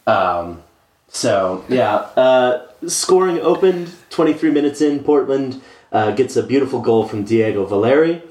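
A man's voice: mid-range voice, animated, measured pace, darkish tone. Chatty man with filler-heavy talk, roomy sound. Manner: rambling, many filler "uh"s. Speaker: podcast co-host. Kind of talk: casual sports chat. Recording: roomy echo.

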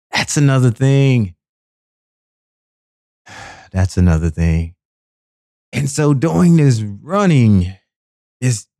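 A man's voice: no echo, studio quality. A man hosting a show, riffing casually and comically, repeating phrases and acting out quotes. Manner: animated, repetitive riffs, acts out quotes in high voices. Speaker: podcast host. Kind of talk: casual comedic monologue.

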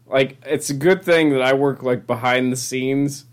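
A man's voice: mid-range voice, fairly even intonation, normal speed. A young man in casual chat, blunt and swearing often.

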